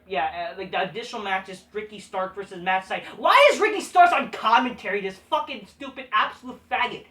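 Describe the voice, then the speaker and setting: Woman show reviewer, fairly high voice, scornful and crude, recorded at a distance. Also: fairly bright tone. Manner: profane, scornful and dismissive. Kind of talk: ranting casual review. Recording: echoey room, distant mic.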